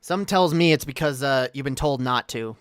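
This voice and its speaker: A man's voice: medium pitch, moderate pace, a bit bright, smooth, dry recording, studio quality. A man streaming casual commentary in a mocking, combative way. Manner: mocking, combative, laughs often.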